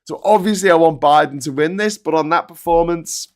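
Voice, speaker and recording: A middle-aged man hosting a live stream, talking in casual, animated, sweary commentary. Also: fairly high pitch, brisk.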